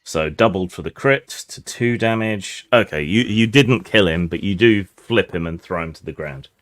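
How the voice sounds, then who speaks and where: A man narrating as game master of a tabletop game, relaxed and descriptive with many fillers. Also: sits low, moderate pace.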